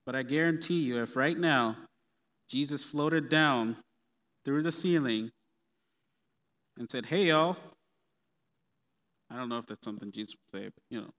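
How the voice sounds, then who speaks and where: A man preaching a sermon in a relaxed, conversational way with playful asides. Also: mid-range voice, moderate pace, pauses often. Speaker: pastor. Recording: long reverb of a hall.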